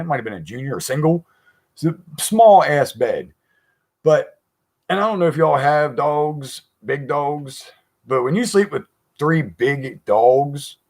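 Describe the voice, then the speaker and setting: Brief: man, mid-pitched, loose rambling storyteller, live-chat guest, laughs as he goes. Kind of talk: casual storytelling on a live stream.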